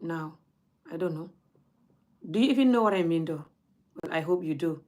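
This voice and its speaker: A woman's voice: low voice, lively intonation, normal speed, warm tone. A young woman, scolding her audience in a blunt, heated rant straight to camera. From Gambia. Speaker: vlogger.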